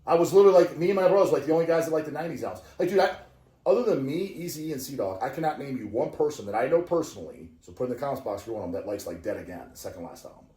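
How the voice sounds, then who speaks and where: A man around forty rants and tells stories in a loose, profane, excitable way, with a voice of ordinary middle pitch. He is recorded in a roomy space with a noticeable echo. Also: very fast. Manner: profane, excitable ranting storyteller. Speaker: podcast host. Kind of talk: casual chat.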